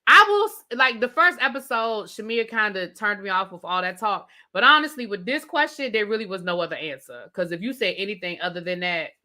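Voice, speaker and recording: A woman's voice: medium pitch, animated, fairly quick, few pauses, pushed and bright. Sassy DC-accented woman ranting live. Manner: chatty, reads and answers live chat, sassy slang. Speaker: host. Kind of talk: live TV review rant.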